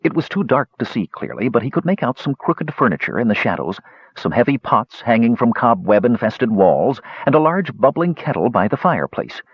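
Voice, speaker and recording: A man narrating a story in an expressive, dramatic reading, in a slightly muffled recording. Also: mid-range voice, moderate pace, husky, no room sound.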